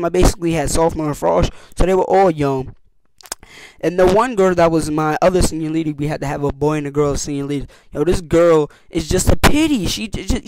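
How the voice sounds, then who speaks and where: A teenage boy telling camp stories in a casual vlog, slangy and animated, acting out what people said with big jumps in his voice. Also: a little high. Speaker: youtuber.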